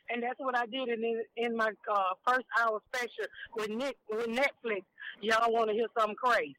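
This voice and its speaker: A woman comedian in her fifties, a guest on a phone interview, talking frankly and down to earth in animated stories. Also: fairly high pitch, brisk, no room sound. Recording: tinny phone line.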